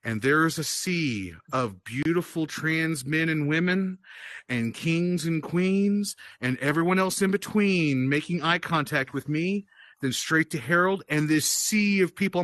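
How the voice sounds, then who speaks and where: A man casually telling a wild party story in an animated, profane way, often laughing as he goes. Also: a little high, no room sound, studio quality. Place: virtual-world chat session.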